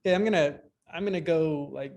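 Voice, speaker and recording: This guest on a podcast is a BMX rider who tells long, casual stories, often restarting and leaning on fillers. He talks fast in a slightly high, somewhat mellow voice.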